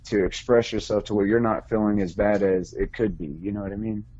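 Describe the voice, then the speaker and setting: A man talking as a podcast guest in casual chat, an excitable storyteller full of "like" and "you know". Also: on the low side, a little fast. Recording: slightly dull, lo-fi sound.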